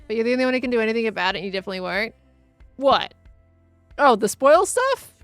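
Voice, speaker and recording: A woman's voice: a little high, lively intonation, fast talker, dry recording, soft background music. A woman chatting casually on a gameplay livestream, reading viewer messages aloud and answering them as she plays. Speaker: streamer.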